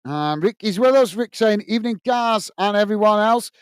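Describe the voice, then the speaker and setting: Male watch-along host, high clean voice, dry close mic, easygoing match chat. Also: moderate pace, clear, resonant tone, no room sound. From United Kingdom. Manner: friendly, reads out viewer messages, frequent "mate" and "uh" fillers; excited goal call. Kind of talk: live football watch-along commentary and chat.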